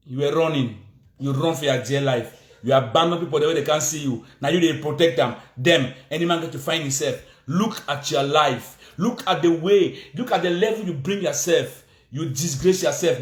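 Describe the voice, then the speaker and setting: A man's voice: fairly high pitch, reverberant. A man with a Cameroonian Pidgin English accent, delivering a heated, repetitive political rant, scolding and insistent.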